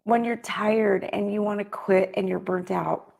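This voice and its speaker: A woman's voice: medium pitch, fairly even intonation, a little slow, vocal fry, a little mellow. A middle-aged woman giving a heartfelt, faith-filled motivational talk to child care business owners, earnest and emotional.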